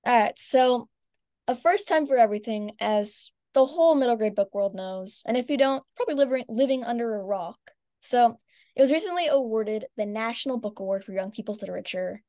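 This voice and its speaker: A woman with a somewhat high voice hosts a relaxed interview. She talks in an upbeat, enthusiastic way, adding light asides between her questions. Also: fairly quick. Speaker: interview host. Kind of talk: casual interview conversation.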